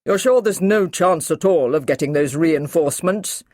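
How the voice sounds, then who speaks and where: A woman's voice: sits low, moderate pace, a little mellow, dry recording, clean studio sound. A woman reading an audiobook, voicing a stern male army brigadier who talks in a firm, clipped, commanding way.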